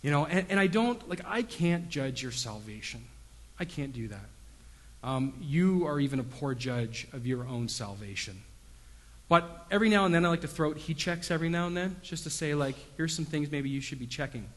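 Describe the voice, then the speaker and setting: A man's voice: fairly high pitch, expressive, moderate pace, fairly bright tone. A man in his thirties preaching a sermon as a pastor, talking conversationally with lots of fillers and building to emphatic peaks. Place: church sanctuary. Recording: long reverb of a church hall.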